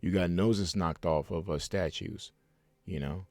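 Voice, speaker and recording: A man with a very low voice preaches a heated sermon from home, breaking into fiery asides and frequent restarts between scripture readings. The sound is dry, with almost no room around him. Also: unhurried, a little mellow, no echo.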